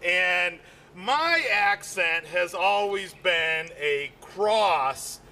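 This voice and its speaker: A man doing a rambling stand-up comedy routine, repeating himself and leaning on "you know", his voice jumping higher whenever he gets excited. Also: drawn-out words. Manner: voice jumps high when excited.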